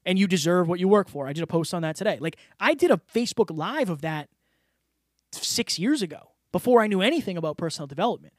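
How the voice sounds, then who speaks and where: Earnest high-voiced man, dry sound. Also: expressive, quick pace, dry recording. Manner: earnest, open, filler-heavy. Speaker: podcast guest. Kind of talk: casual interview talk.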